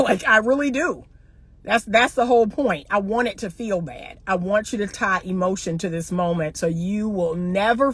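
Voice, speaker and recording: A middle-aged woman speaks straight to her viewers as a relationship coach, in a blunt monologue. She lectures emphatically and drives her points home by asking the same pointed question again and again. Her voice sits at an ordinary pitch for a woman. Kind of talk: opinionated monologue to camera.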